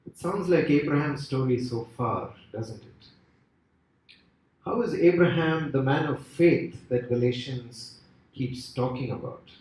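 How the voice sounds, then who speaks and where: A man preaching a sermon with an expressive, rising and falling delivery and many rhetorical questions. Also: medium pitch, measured pace. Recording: echoey hall from far off.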